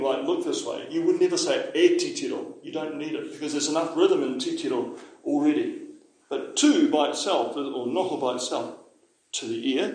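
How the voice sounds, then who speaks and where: Man teaching a class, chatty and explanatory, slightly high voice, very echoey room. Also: a little mellow. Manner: chatty, explains with asides and checks understanding. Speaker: Māori language teacher. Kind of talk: classroom language lesson.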